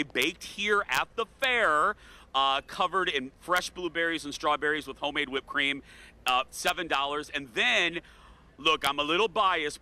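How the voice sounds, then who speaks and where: Bright-voiced southern man hosting. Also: on the high side. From American South. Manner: emotional, earnest, talks slowly. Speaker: TV show host. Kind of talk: morning TV chat. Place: outdoor state fair set.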